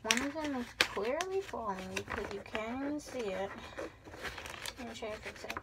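Soft-spoken rambling vlogger girl, half whispering. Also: on the high side, moderate pace. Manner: drifts in and out of whispering; rambling, with frequent fillers and self-corrections. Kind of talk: casual closet tour chat. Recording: home recording with steady background noise.

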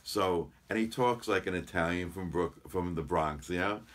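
A man, a chiropractor, chatting as an interview guest and telling lively stories about his patients. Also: low voice, normal speed. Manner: animated anecdotes, quotes patients in voices. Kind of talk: casual interview storytelling.

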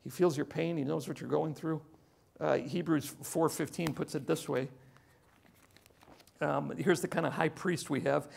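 A man preaching a sermon as pastor, conversational, swinging from loud emphasis to hushed tones. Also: on the high side, steady tone, a little slow, gravelly, long pauses.

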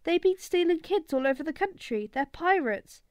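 A woman voicing a scrappy young boy from a boat community, speaking in rough slang. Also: very high-pitched, animated, moderate pace, dry recording, voice pushed up. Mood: excited.

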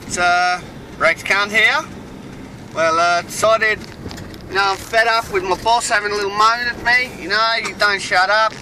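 A man's voice: sits high, steady tone, normal speed, bright, forceful tone, slight background noise, poor audio. A man playing a brash, slangy tradesman who rambles and grumbles at other drivers from inside his moving van. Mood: chatty. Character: brash, mouthy Aussie tradie bloke, grumbling. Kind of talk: comic character monologue while driving.

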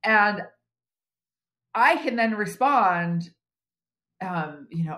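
A woman's voice: mid-range voice, animated, extremely slow, a bit bright. A middle-aged American woman, an HR consultant and podcast guest, talking in a wry, self-mocking way with many fillers. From United States. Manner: humorous, self-deprecating, chatty with many fillers. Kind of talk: conversational interview.

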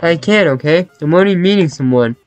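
A man voicing an angry young female classmate who demands to be heard, in a sharp, raised voice, over faint music. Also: a little high, animated, fairly quick, lightly acted, low-quality recording. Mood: bitter. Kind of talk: visual novel voice acting.

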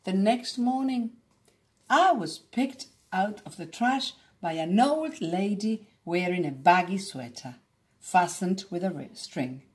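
A woman reading a children's storybook aloud in an expressive, dramatic way. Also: medium pitch, slow pace.

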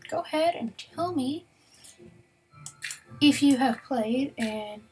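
A woman's voice: high-pitched, animated, slow, mellow, faint music behind. A young woman casually talking viewers through a Minecraft game, chatty and often dropping into a whisper. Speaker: gaming YouTuber. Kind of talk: casual Minecraft let's-play commentary.

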